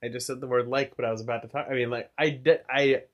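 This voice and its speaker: A man's voice: medium pitch, fast, dull audio. A man from California, co-hosting a podcast in casual chat, riffing and swearing freely. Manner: animated, profane, riffing. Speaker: podcast co-host.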